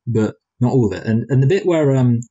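Co-hosting a film review podcast, this man speaks fairly quickly in a medium-pitched, dark voice with a breathy edge and clipped highs. His talk is rambling and hesitant, full of restarts and playful speculation.

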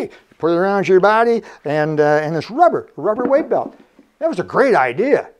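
A man's voice: high-pitched, very animated, a little fast, a little mellow. An older man from Canada hosting a casual show-and-tell about vintage diving gear, chatty and joking. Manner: chatty, jokey, laughs often. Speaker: vintage scuba show host.

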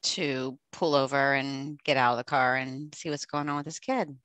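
Low-voiced woman hosting a podcast, affirming. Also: steady tone, normal speed, no room sound. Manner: warm, affirming, enthusiastic. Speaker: podcast host. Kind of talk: casual podcast interview.

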